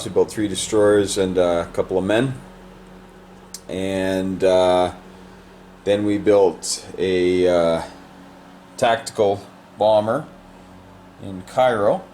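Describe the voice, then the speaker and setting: A man's voice: sits low, darkish tone, slight background noise. A man casually walking through the state of a board game, explaining moves in a loose, rambling way with many fillers.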